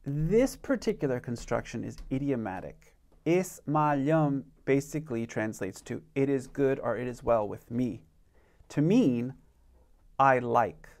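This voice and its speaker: A man teaching an online beginner language lesson, speaking slowly and patiently and modeling phrases for learners to repeat. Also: mid-range voice, animated, darkish tone.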